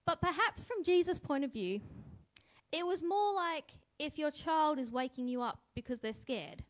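This is a woman's musing devotional, spoken at a moderate pace in a high voice. She poses questions to the listener and gives quotes a lively delivery.

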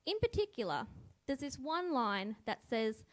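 A woman's voice: high-pitched, unhurried. A woman giving a reflective spoken devotional, musing and asking the listener questions. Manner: musing, asks listeners questions, lively voice for quotes. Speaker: devotional speaker.

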